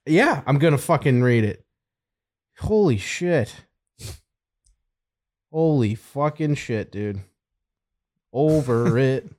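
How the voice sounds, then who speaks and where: Slow-talking man in profane banter. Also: medium pitch, lively intonation, darkish tone. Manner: profane, laughing, offhand banter. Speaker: host. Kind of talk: casual chat.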